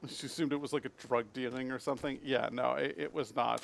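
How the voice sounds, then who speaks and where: A man's voice: medium pitch, steady tone, fairly quick, vocal fry, a bit bright, slight background noise. A man streaming a video game live, telling rambling anecdotes and swearing freely at the game. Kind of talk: live gameplay commentary and storytelling.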